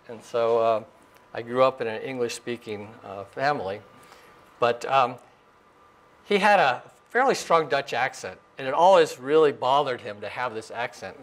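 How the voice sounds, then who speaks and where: An older man in his sixties tells stories from his career at a mid-pitched voice. He speaks in a loose, chatty way, with plenty of "uh" and "you know" and a little laugh now and then. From Arizona, US. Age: 60s. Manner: relaxed storytelling with fillers and chuckles. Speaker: astrophysicist giving a lecture. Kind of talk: informal lecture. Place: lecture room.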